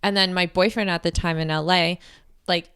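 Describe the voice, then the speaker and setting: A woman's voice: lowish voice, fairly even intonation, normal speed, fairly bright tone, clean tone. A woman in her thirties telling a story as a podcast guest, chatty and laughing often, full of "like" and "whatever". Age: 30s. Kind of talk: casual storytelling chat.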